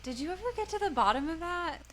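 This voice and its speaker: High-voiced woman chiming in chattily. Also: animated, fairly bright tone. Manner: chatty, jumps in with quick reactions. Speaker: podcast co-host. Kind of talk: casual chat.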